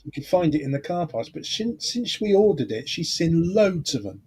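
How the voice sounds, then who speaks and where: A man co-hosting a model-building stream, telling stories in a relaxed way and reading viewer comments. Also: a little high, moderate pace, breathy edge. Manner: relaxed storyteller, laughs along.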